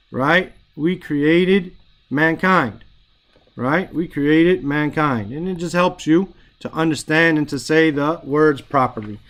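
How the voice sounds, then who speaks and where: A man with a fairly high voice leads an online Arabic grammar lesson, talking over a headset or computer mic. He explains casually in English, repeats short Arabic phrases and keeps checking in with his students by asking "right?". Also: fairly bright tone. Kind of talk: online Quran grammar class.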